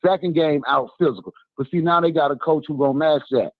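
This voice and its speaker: A man's voice: fairly high pitch, fast. A man calling in to a show, arguing emphatically and repeating his points like a rallying fan. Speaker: caller. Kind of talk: animated call-in argument. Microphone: phone. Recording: tinny dry phone line.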